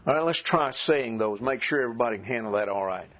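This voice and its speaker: A man teaching a classroom lesson, asking his students questions and clearing his throat now and then. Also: mid-range voice, fairly quick, hardly any pauses. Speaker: Greek teacher. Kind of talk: classroom lecture. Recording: dull lo-fi classroom recording.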